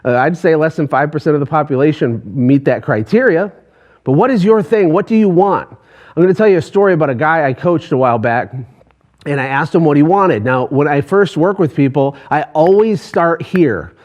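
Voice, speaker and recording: A man's voice: a little high, normal speed, darkish tone, highs cut off. A man, a business coach, giving a passionate motivational talk to an online audience, pushing hard with rhetorical questions.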